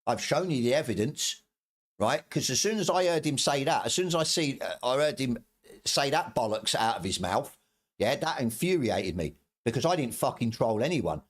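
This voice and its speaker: A man's voice: mid-range voice, very animated, moderate pace. A middle-aged man streaming a heated, swearing rant, stumbling over his words and repeating himself. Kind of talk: angry ranting commentary.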